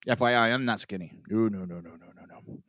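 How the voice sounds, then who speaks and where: A man hosting a political commentary podcast, sarcastic and profane, sighing and swinging between loud outbursts and mutters. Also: on the low side, a little fast, no echo. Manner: sarcastic, profane, self-mocking. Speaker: podcast host.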